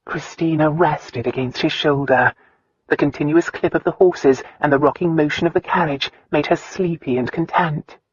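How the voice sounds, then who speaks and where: A man narrating an audiobook in a low, even storytelling manner. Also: moderate pace, breathy edge, dry recording, dull audio. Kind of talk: scripted narration.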